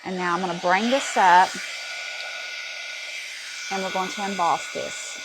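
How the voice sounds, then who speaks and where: A woman's voice: fairly low pitch, fairly even intonation, a little slow, pauses often, background noise. A middle-aged woman hosting a casual crafting tutorial at her desk, chatting to viewers as she works. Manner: chatty, talks to viewers while working, says "guys" and "okay?". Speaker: crafting channel host.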